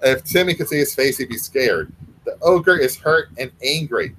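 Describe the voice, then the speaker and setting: A man casually reads his own short story aloud, pausing for wry, self-mocking comments. His pitch sits at an average middle level, unhurried, with ums between lines. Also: animated, fairly bright tone, slight background noise, poor audio. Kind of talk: casual reading with asides.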